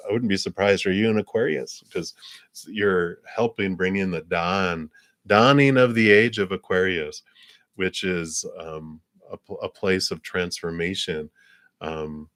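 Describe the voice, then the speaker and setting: On a live stream, a man with a deep, very low voice does tarot readings. He chuckles frequently and speaks softly and spiritually, with plenty of fillers along the way.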